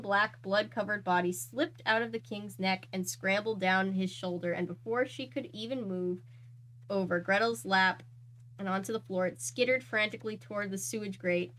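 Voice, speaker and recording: A woman hosting her own channel, reading a dark children's book aloud. Her mid-range voice is earnest and steady, and she now and then breaks off to react. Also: mid-range voice, normal speed, low-quality recording.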